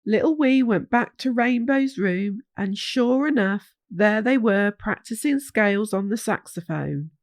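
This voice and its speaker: A woman reading a children's bedtime story aloud, slow and soothing. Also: medium pitch, expressive, no echo, studio quality.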